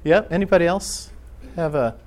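A man teaching a church class in an earnest, halting way, restarting his sentences often. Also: fairly high pitch, lively intonation, a little mellow.

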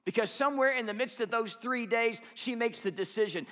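High-voiced preacher man in an echoey hall. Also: brisk, hardly any pauses. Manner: dramatic, swings from hushed to loud, acts out quotes. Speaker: pastor. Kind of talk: sermon. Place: church.

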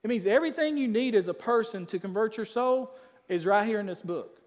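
A man preaching a sermon as pastor, emphatic, swinging between loud declarations and quiet asides. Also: sits high, expressive, fairly quick, in a large hall.

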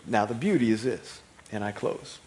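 A man preaching a sermon as pastor, building from calm teaching to loud, emphatic preaching. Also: on the low side, moderate pace, slight background noise.

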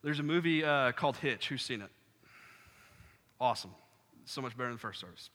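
A young man preaching a sermon, telling funny stories and acting out scenes with sudden loud outbursts. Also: medium pitch, brisk. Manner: animated, jokey, acts out scenes with sudden loud bursts. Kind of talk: sermon with storytelling. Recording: long hall reverb.

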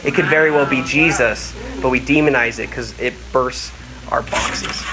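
A man's voice: medium pitch, normal speed, noisy background. A man preaching a sermon, telling stories casually and acting out quotes with animation.

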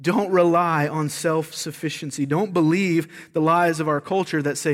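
A man's voice: a little high, steady tone, measured pace, few pauses. A man preaching a sermon as pastor, earnest and emphatic, often repeating words as he makes a point. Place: church sanctuary. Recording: long reverb of a large hall.

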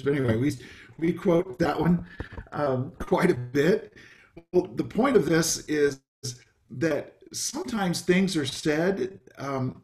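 A man's voice: a little high, a little mellow. A man, a pastor, preaching a conversational sermon over a video call, with frequent ums and light asides.

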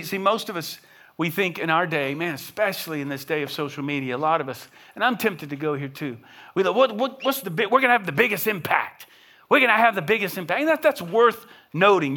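A man's voice: on the high side, a bit bright. A middle-aged man preaching a sermon as pastor, earnest and building to impassioned emphasis, often restarting words as he pushes a point.

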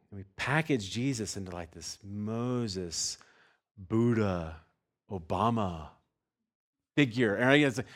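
A man in his forties preaching a sermon in a conversational way, full of asides and "right?" checks, dropping soft and quiet for tender points. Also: lowish voice. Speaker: pastor.

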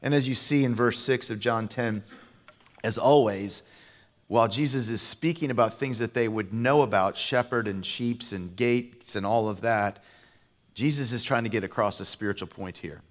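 A male pastor delivering a sermon in a relaxed, storytelling manner, full of fillers and self-corrections. His mid-pitched voice rings out with a long reverb, as if he is heard in a large church hall. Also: moderate pace. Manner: conversational storytelling with fillers and restarts.

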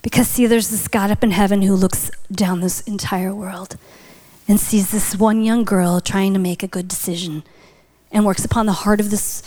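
With a mellow, mid-range voice at normal speed and a steady tone, a church speaker relates a story during her sermon. She lowers her voice to a whisper to stress points, then builds to a passionate call at the end.

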